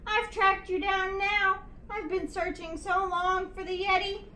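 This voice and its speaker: A woman voicing an eager, excitable young boy explorer who keeps exclaiming hopefully. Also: very high-pitched, a little slow, slight background noise, pitched above the performer's own voice. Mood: excited. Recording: echoey room, distant mic.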